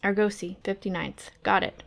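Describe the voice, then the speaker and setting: A woman voicing a sharp wife who is a psychiatrist, asking quick, pointed questions on the phone. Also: medium pitch, fairly even intonation, vocal fry. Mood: brisk.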